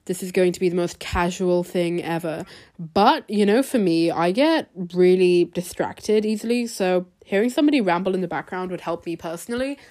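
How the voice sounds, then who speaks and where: A woman's voice: fairly low pitch, normal speed, darkish tone, no echo. A young woman hosting a casual, rambling podcast, chatty and self-deprecating with frequent giggles. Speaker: podcast host.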